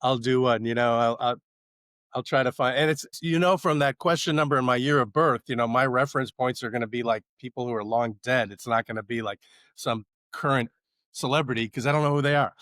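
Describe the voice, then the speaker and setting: A man's voice: medium pitch, a little fast, fairly bright tone, no echo, clean studio sound. A man in his sixties co-hosting a casual podcast chat, wry and self-deprecating. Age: 60s. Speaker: podcast co-host.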